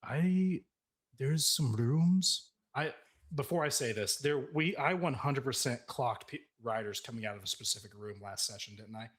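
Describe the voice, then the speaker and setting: A man's voice: medium pitch, moderate pace, breathy edge. A man taking part as a player in a tabletop role-playing game, chatty and jokey. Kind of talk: casual tabletop role-play.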